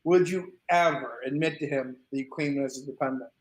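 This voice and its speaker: A man's voice: mid-range voice, brisk. Man asking pointed questions, echoey room. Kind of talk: casual chat.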